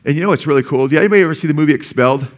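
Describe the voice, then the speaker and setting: A man's voice: fairly high pitch, rapid-fire. Casual-preaching man, sermon. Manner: conversational preaching, often tags lines with "amen?" and "man". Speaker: pastor. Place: church.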